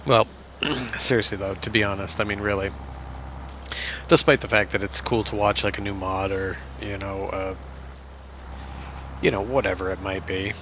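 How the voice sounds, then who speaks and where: A man's voice: fairly low pitch, fairly even intonation, moderate pace, long pauses, a bit bright, slight background noise. A man streaming and chatting casually with viewers, rambling and joking, with lots of "I mean" and "you know". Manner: rambling and joking, heavy fillers.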